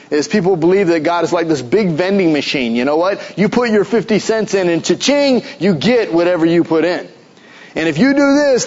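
A man's voice: sits high, darkish tone, highs cut off. A man preaching a sermon as pastor, pressing his listeners with rhetorical questions and emphatic repeats.

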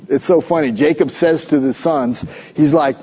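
A male pastor preaching a sermon in a conversational, animated storytelling way, with rhetorical questions. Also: a little high, takes it slowly, husky. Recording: dull lo-fi recording.

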